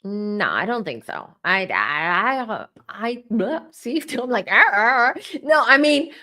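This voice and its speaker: A woman doing a casual tarot reading for her channel, talking in an animated way and repeating herself as she works up to exclamations. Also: mid-range voice, slow. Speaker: tarot reader.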